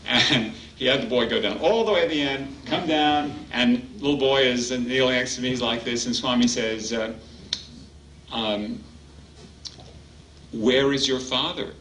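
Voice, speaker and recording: A man speaking at a retreat, telling a personal story in a halting, heartfelt way with many pauses. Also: medium pitch. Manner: halting, warm reminiscing with frequent pauses. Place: retreat hall. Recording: roomy hall, distant mic, faint background hum.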